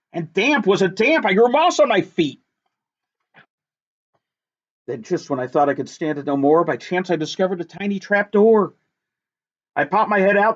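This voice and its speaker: Here a man with a high voice reads aloud from a rhyming picture book, riding its rhythm in a lively sing-song. The recording comes across as dull and lo-fi, with the treble rolled off.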